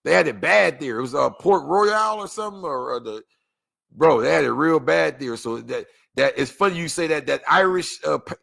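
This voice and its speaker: A man hosting a laid-back reaction chat, his voice gravelly with a steady fry underneath. He talks loosely and jokes around, slipping into preachy asides. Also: fairly high pitch, normal speed. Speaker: podcast host.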